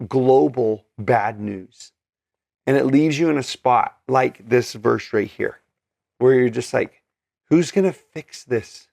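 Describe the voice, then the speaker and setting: A man's voice: medium pitch, creaky, a little mellow, no echo, studio quality. A man teaching scripture in an earnest, conversational way, with many fillers and restarts. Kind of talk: casual scripture study talk.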